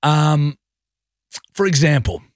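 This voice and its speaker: A man's voice: a little high, takes it slowly, dry recording, studio quality. A man hosting a radio show, telling a funny story about home with self-mocking banter. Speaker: radio host. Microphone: studio mic.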